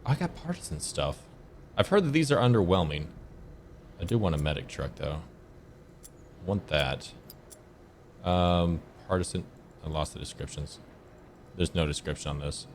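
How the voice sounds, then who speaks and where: Deep-voiced laid-back streamer man. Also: expressive, normal speed, pauses often, a little hiss or hum. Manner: rambling, self-correcting storyteller. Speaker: gaming streamer. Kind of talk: casual gameplay commentary.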